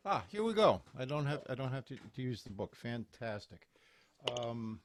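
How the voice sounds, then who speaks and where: A man's voice: medium pitch, big pitch swings, normal speed. A man, a cantor, chatting jokily and rambling before leading a virtual chapel service over a computer microphone. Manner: jokey, rambling, self-mocking. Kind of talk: casual chat, then leading a service. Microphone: computer microphone on a video call.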